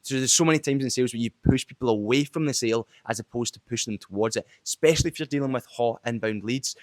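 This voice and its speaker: A man's voice: mid-range voice, fast talker, no echo. A young man giving blunt, casual sales advice straight to camera, swearing freely as he talks. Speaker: sales trainer. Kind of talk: direct-to-camera sales tips video.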